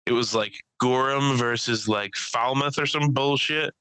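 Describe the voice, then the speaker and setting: A young man, a podcast co-host and stand-up comic, chatting casually and acting out people he met in high voices. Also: unhurried, clean tone, no echo, poor audio. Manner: animated storyteller who acts out people in high voices. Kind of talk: casual chat.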